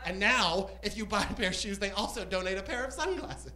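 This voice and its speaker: A man performing a stand-up set on a comedy club stage, camp and animated, with squealing outbursts. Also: sits high, brisk, hardly any pauses, rough recording.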